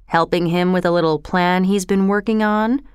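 A woman voicing a brutal, menacing grown man who threatens in a low, slow voice. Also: fairly even intonation, clean tone, no echo, clean studio sound, natural voice.

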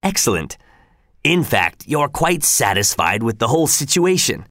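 A man playing a slow, smug male governor. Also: mid-range voice, very animated, a bit bright, no room sound, studio quality, pitched above the performer's own voice. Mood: smug, menacing. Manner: slow, drawn-out, condescending delivery.

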